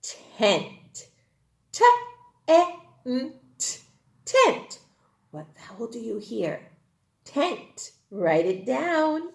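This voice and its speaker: A high, lively woman teaching a recorded kindergarten phonics class. She speaks slowly with a sing-song, encouraging manner, and her voice rings in an echoey room. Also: gravelly. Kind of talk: recorded online class lesson.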